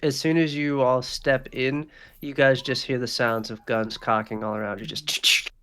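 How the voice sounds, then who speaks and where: A man's voice: mid-range voice, little pitch movement, moderate pace, fairly bright tone, clean tone. Casual man narrating as dungeon master. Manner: loose, casual narration full of fillers. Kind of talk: narrating a tabletop game.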